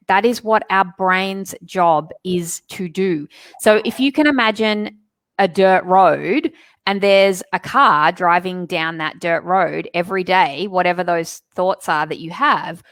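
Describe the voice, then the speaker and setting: A woman's voice: mid-range voice, a bit bright, no room sound. A woman hosting a book club on a video call, explaining ideas in an earnest, casual way. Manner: explanatory, earnest, uses imagery. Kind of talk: casual chat.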